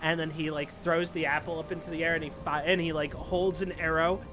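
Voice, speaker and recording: A man's voice: on the high side, flat delivery, brisk, music in the background. A man narrating a tabletop game as dungeon master, rambling with many fillers. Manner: rambling, filler-heavy, casual.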